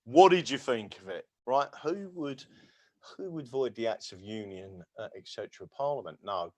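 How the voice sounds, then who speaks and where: A man's voice: mid-range voice, lively intonation, moderate pace, a little mellow, no echo. An English man hosting a livestream, chatting casually in a rambling, jokey way with lots of stammers and fillers. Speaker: livestream host.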